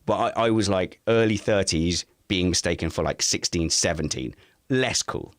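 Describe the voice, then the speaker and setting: A podcast co-host in his 40s chats casually at home, telling family stories and acting out relatives in high-pitched voices as an animated storyteller. He talks at a normal speed, and the recording is studio quality with no echo.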